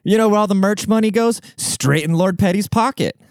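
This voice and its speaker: Solo podcast host, young adult man, cocky and foul-mouthed, smooth voice, dry close sound. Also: high-pitched, fairly quick, dry recording. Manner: brash, profane, swaggering.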